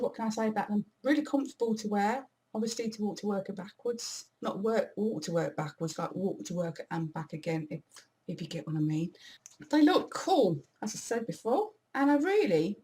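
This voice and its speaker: A woman's voice: a little high, darkish tone. Chatty woman in her forties. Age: 40s. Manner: chatty, rambling, self-deprecating. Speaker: vlogger. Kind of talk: casual monthly favourites chat.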